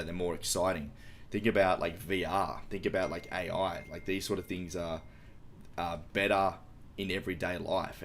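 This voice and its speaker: A man's voice: deep voice, slight background noise. A man who is a podcast guest, explaining a topic in casual, enthusiastic talk with light swearing.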